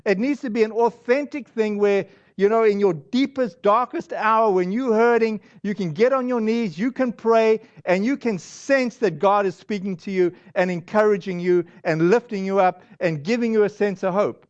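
A man preaching in a high voice, chatty and loose, with frequent restarts as he acts out what his listeners might say. The recording sounds somewhat dull and lo-fi. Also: moderate pace, few pauses. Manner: conversational, with many restarts and acted-out quotes of congregants. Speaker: pastor. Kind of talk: sermon.

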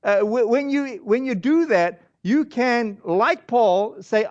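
A man's voice: extremely high pitch, animated, slow, few pauses, darkish tone, muffled recording. A man preaching a sermon as pastor in a loose, conversational way, often restarting and acting out what people in the congregation might say. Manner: conversational, with many restarts and acted-out quotes of congregants.

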